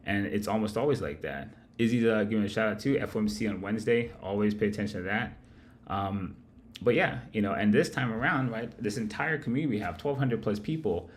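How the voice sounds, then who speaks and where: A man with a lowish voice hosts a live trading stream in a loose, rambling way. He swears constantly and keeps turning to address his viewers directly. A faint hiss sits under his voice. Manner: profane, rambling, talks to chat directly. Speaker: host of a live market-analysis stream. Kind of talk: casual livestream market commentary.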